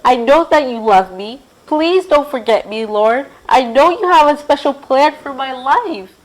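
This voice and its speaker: A woman's voice: high voice, animated, a little slow, pitched above the performer's own voice, low-quality recording. A woman voicing an earnest young woman pleading in prayer in a storybook reading. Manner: pleading, heartfelt.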